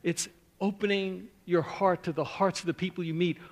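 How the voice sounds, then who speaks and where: A man preaching a sermon in a big church hall, his voice trailing off in a long reverb. He sits a touch higher than most men. He tells his stories with big swings from loud emphasis down to quiet, hushed lines. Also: steady tone, normal speed.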